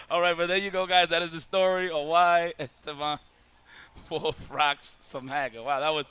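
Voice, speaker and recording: An excitable man hosts a stream in casual chat, laughing often. His voice is bright and tense, and pitched a little high for a man. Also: measured pace, smooth. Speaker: stream host.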